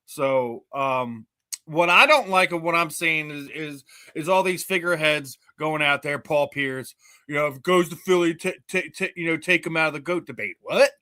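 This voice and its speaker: A man co-hosting a sports podcast, debating in a halting way with frequent restarts that build into emphatic points. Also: on the high side, pushed and bright. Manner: halting, many restarts, rises when making a point.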